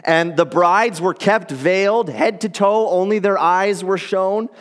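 Male pastor, high-pitched, casual animated sermon delivery, in a reverberant church hall. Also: unhurried. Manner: conversational, animated storytelling with acted quotes.

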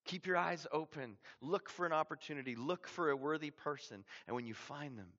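A man from Canada preaching, telling mission stories with acted-out dialogue and sudden drops to a hushed voice. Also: fairly high pitch, a little fast, muffled recording. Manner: animated storyteller, acts out dialogue, dramatic drops to quiet. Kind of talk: sermon storytelling.

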